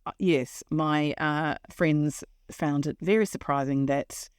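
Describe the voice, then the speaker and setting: A woman's voice: low voice, steady tone, takes it slowly, clean tone, no echo, studio quality. Bubbly New Zealand woman podcast host. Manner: bubbly, laughs a lot, with many fillers. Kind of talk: casual chat.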